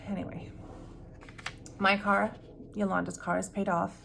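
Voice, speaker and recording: A woman's voice: mid-range voice, little pitch movement, a little slow, vocal fry, background noise. A woman budgeting vlogger talking casually to camera, candid and rambling with fillers, self-corrections, nervous laughs and sighs.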